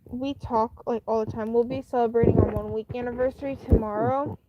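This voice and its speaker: A woman's voice: a little high, steady tone, a little fast, muffled recording, very noisy. A woman hosting a live stream, casually telling a personal story in a rambling, candid way with many fillers and restarts. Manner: chatty and candid.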